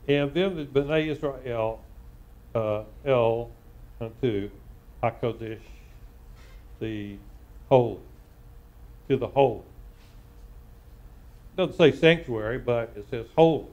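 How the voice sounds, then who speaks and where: Male rabbi leading a live Torah class, mid-pitched, works through Hebrew slowly with pauses. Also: darkish tone, lo-fi sound. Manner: slow, halting, reading Hebrew word by word and translating. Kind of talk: live Bible study lesson.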